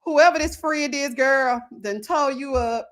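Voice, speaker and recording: A woman hosting a casual live chat, animated and laughing often, drawling endearments like "baby" and "child". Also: high voice, measured pace. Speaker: livestream host.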